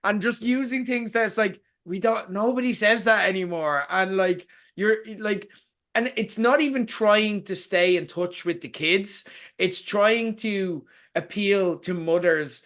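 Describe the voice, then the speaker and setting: High-voiced ranting man. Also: a little slow, fairly bright tone. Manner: ranting, sarcastic, swears a lot, mocking put-on quotes. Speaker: podcast co-host. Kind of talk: casual chat.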